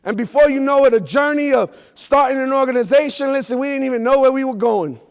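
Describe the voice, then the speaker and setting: A man's voice: extremely high pitch, fast talker. A man giving a motivational keynote speech full of stories, talking emphatically with street slang and lots of repetition. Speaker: keynote speaker. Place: large event hall. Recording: echoey hall reverb.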